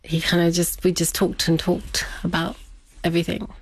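Chatty middle-aged woman, low-pitched. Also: monotone, moderate pace, husky, dry recording. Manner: chatty, laughs often while telling a story. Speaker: interview guest. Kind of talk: casual personal storytelling.

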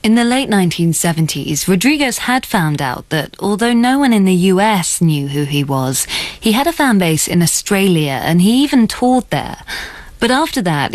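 A woman with a fairly low voice narrates a documentary and puts questions to her guests. Her delivery is measured and clear. The recording is dry and close. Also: dry recording. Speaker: documentary host and interviewer. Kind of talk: scripted narration and interview questions.

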